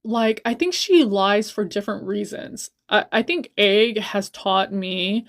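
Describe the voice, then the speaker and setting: A young woman venting through a casual livestream storytime, with a voice of average pitch for a woman. She is blunt and swears freely. When she gets heated, she circles back and repeats her points for emphasis. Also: unhurried. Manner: blunt and profane, swears a lot.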